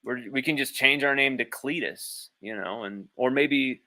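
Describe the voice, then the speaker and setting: A man's voice: mid-range voice, measured pace, pushed and bright. A man hosting a sports livestream from home, talking casually in a rambling, blunt way with easy swearing. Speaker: sports podcast host. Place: at home with his child nearby.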